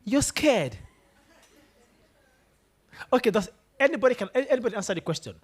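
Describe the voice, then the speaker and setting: This is a man giving a motivational talk to students in a lecture room. His voice rises and falls in a lively, animated way. He tells stories and keeps asking the room questions. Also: extremely high pitch, moderate pace, slightly rough. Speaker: guest speaker.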